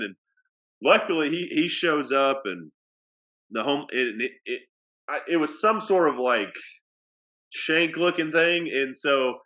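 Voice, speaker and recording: Bright-voiced man telling a story. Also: medium pitch, expressive, normal speed, dull audio. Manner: rambling with many fillers and restarts. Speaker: athletic director. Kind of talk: casual storytelling.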